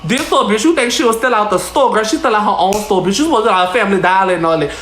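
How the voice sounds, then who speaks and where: A woman's voice: mid-range voice, fast, fairly bright tone. A woman vlogger telling a casual story in a chatty, profane way, calling the listener girl again and again. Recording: roomy echo.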